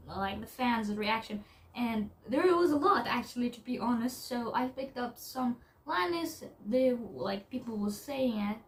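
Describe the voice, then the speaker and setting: A young adult woman in a casual vlog commentary, talking haltingly with lots of fillers and restarts. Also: fairly high pitch, a little mellow. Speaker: YouTuber.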